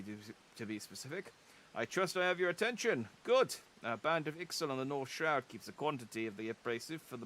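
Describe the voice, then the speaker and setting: A man's voice: on the high side, fairly bright tone, voice pushed up. A man voicing a smug male rival in a video game, speaking in a theatrical, taunting, raised tone.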